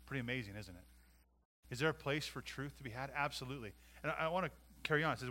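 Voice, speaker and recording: A man preaching a sermon as pastor, emphatic, with rhetorical questions and swings in loudness. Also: mid-range voice, fast talker.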